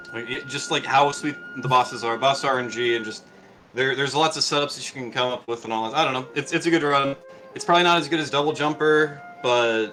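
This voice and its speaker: A man's voice: medium pitch, rough recording. A middle-aged man chatting casually after a speedrun, rambling with lots of fillers and restarts. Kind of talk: casual post-run chat.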